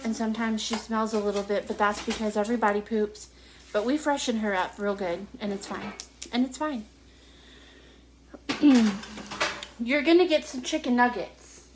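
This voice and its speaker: A woman's voice: mid-range voice, fairly even intonation, normal speed, long pauses, a little hiss or hum. A woman hosting a home cooking show, talking in a casual, playful, teasing way from her kitchen. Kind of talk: casual joking chat.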